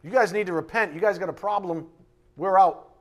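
A male pastor preaching an emphatic, fiery sermon in a church, then dropping to a quiet, hushed prayer. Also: high-pitched, fast.

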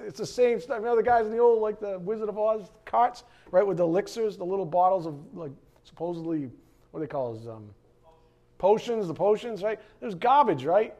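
Animated man preaching a sermon. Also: high voice, brisk. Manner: animated and conversational, with frequent asides. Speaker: pastor.

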